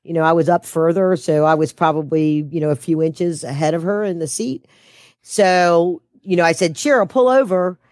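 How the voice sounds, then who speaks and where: A woman's voice: sits low, steady tone, normal speed, darkish tone, no room sound, clean studio sound. A woman telling a personal story as an interview guest, her voice rising when she quotes herself.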